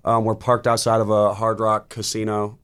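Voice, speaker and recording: A man's voice: lowish voice, monotone, normal speed, clean tone. A man in his thirties in casual chat, telling rambling stories with lots of restarts and swearing. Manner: rambling storyteller, swears freely, frequent restarts. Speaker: musician guest.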